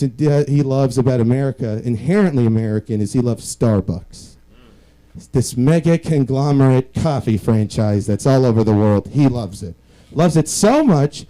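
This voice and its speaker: A man's voice: medium pitch, mellow, rough recording. A young man doing a rambling, self-deprecating stand-up set. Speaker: stand-up comedian.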